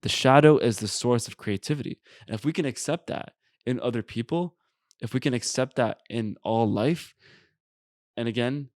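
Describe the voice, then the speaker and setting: A man's voice: medium pitch, normal speed, darkish tone, dry recording, studio quality. A man hosting a solo spiritual podcast, rambling earnestly with lots of fillers and casual swearing. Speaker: podcast host.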